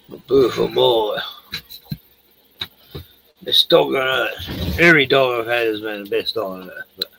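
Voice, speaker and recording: A man's voice: mid-range voice, gravelly, bright, forceful tone, a little hiss or hum, poor audio. An Australian man hosting a casual livestream, rambling, swearing and chatting to his dog. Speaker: livestream host.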